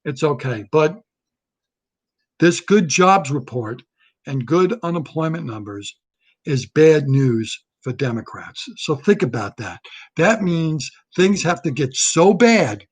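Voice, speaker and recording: A man's voice: fairly high pitch, lively intonation, takes it slowly, husky. Blunt, riffing male comic ranting. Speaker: comedian ranting solo. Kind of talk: political comedy rant.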